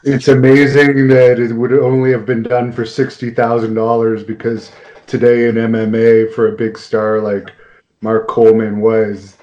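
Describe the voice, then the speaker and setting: A man interviewing a guest, asking questions in an even, measured way. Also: medium pitch. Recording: dull lo-fi sound.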